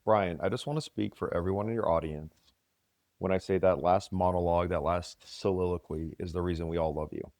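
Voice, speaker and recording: A man's voice: sits low, fairly even intonation, brisk, a little mellow, dry recording, studio quality. A man co-hosting a podcast and coaching fitness, teasing and joking in casual banter. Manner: joking, teasing, playful impressions.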